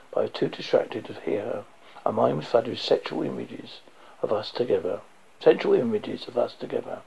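Gravelly, husky male audiobook narrator. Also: medium pitch, warm tone. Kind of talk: first-person audiobook narration. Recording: dull lo-fi recording.

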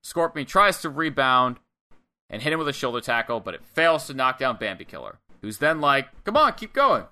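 A man's voice: medium pitch, expressive, normal speed, pushed and bright, clear, resonant tone. A young man co-hosting a casual podcast, rambling through a play-by-play recap and acting out little quotes. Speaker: wrestling podcast co-host.

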